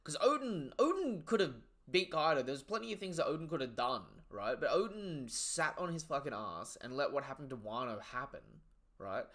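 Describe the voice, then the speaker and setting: A young man giving casual live reaction commentary, excitable and slangy, swearing freely and trailing off into low asides. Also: normal speed.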